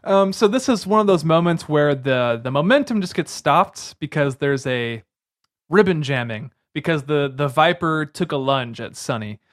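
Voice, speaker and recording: A man's voice: fairly high pitch, expressive, moderate pace, no echo, clean studio sound. A man co-hosting a podcast, casually recapping a film's plot and acting out its lines. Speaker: podcast co-host. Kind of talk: casual movie review chat.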